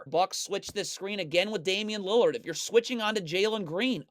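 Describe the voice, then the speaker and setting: A basketball analyst narrating a video film breakdown, sarcastic and mock-exasperated, talking straight at the players and swinging between low mutters and loud outbursts. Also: normal speed, dry recording. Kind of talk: video breakdown commentary over game footage.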